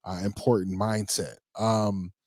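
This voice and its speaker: A man co-hosting a podcast, telling parenting stories in a relaxed, rambling way full of fillers. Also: lowish voice, unhurried, no room sound. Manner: relaxed storytelling with many fillers. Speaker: podcast co-host. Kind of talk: casual chat.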